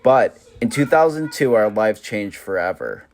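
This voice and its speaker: A man, the son of the deceased, reading a steady memorial narration about his father's life. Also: fairly low pitch, moderate pace, faint music behind.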